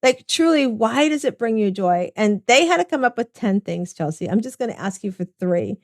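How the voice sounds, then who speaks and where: A woman's voice: on the high side, sing-song, moderate pace. A woman hosting a casual interview, encouraging and chatty. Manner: warm, encouraging, talks with like and you know. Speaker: podcast host.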